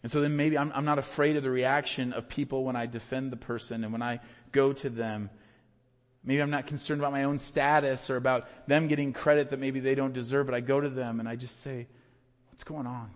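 A man preaching a sermon as a pastor, earnest, rising to emphatic peaks and then dropping low and quiet. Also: steady tone, fairly quick. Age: adult with young children. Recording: reverberant hall.

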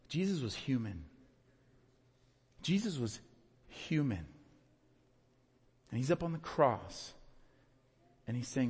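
A man's voice: animated, normal speed, long pauses, darkish tone, slightly rough. Male pastor, mid-range voice, emphatic sermon delivery, long hall reverb. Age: adult with young children. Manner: earnest, builds to emphatic peaks then drops low.

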